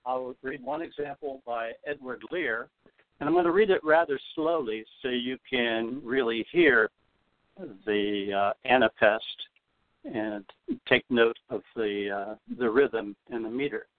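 A man's voice: medium pitch, dry recording. Older man explaining, phone-line audio. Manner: explanatory, with frequent "uh" pauses. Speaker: guest, retired teacher and limerick author. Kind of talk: podcast interview.

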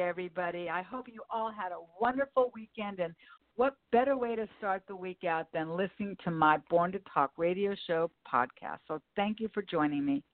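This podcast host is a woman with a mid-range voice, warmly and cheerfully introducing her guest and posing questions. She occasionally cuts herself off and restarts, and the audio is a dry, phone-like line without room sound.

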